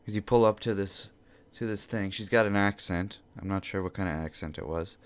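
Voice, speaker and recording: A man's voice: low-pitched, a little fast, clean tone, dry recording. A man hosting a podcast, telling a casual story in a rambling, profane way that repeats itself, recorded at home. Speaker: podcast host.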